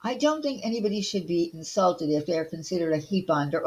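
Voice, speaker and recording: A woman's voice: on the low side, moderate pace, few pauses, husky, lo-fi sound. A woman from Long Island, hosting a casual livestream and ranting bluntly with rhetorical questions. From Long Island, New York. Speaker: livestream host.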